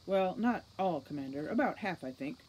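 A woman's voice: lowish voice, animated, moderate pace, a little mellow, slightly rough, low-quality recording. A woman voicing a determined young female elf police captain who pleads and argues earnestly.

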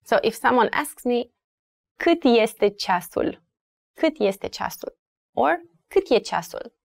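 Romanian-accented woman teacher, unhurried and patient, dry close sound, mid-pitched. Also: lively intonation, no room sound. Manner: slow and patient, repeating words clearly with fillers. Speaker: language teacher. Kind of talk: beginner language lesson.

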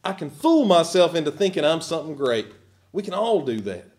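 A man's voice: on the high side, big pitch swings, fairly quick, a little mellow. A man preaching a sermon as pastor, emphatic and at times sarcastic.

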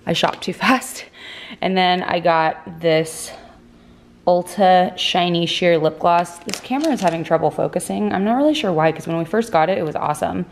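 A young woman chatting casually to her camera in a vlog, slangy and quick with asides. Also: lowish voice, gravelly. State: out of breath after a workout. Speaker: vlogger.

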